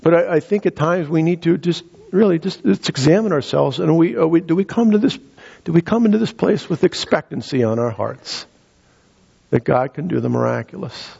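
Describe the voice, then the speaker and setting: A man preaching a sermon as pastor, earnest, repeating words and rising in pitch for emphasis. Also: brisk, creaky, warm tone, breathy edge, lo-fi sound.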